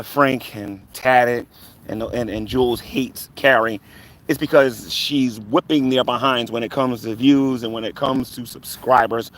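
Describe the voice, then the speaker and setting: A man's voice: mid-range voice, fairly bright tone. A man running a live stream, taunting rivals in a combative, rambling rant full of fillers. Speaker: online commentator on a live stream.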